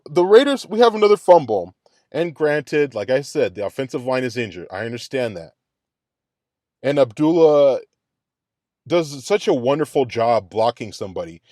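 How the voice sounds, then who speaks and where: This sports podcast host delivers a heated, foul-mouthed reaction rant, hammering the same grievances again and again. The mellow, mid-range male voice comes through a dry, studio-quality recording.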